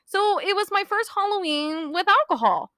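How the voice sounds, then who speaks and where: A woman's voice: very high voice, animated, moderate pace, bright, forceful tone, no echo. A young woman, co-hosting a podcast and telling a rambling, giggly story with frequent laughs. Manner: rambling and giggly, laughs often mid-sentence. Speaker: podcast co-host. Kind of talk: casual storytelling chat.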